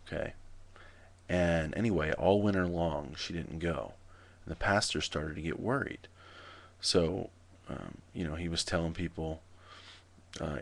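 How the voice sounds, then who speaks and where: A man telling jokes to his camera in a casual, dry, deadpan way. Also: low voice, vocal fry. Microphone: camera mic.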